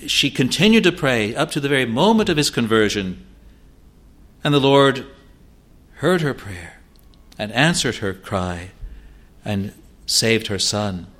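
A man preaching a sermon in an earnest, pleading manner, slowing for scripture and rising to emphatic peaks. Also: mid-range voice, sing-song, a bit bright. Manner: slow, deliberate delivery of scripture.

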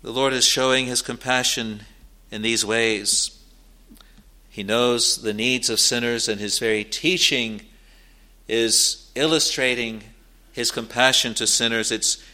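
A man preaching a sermon, slow and earnest, building to emphatic rises and pausing between phrases. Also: medium pitch, sharp tone.

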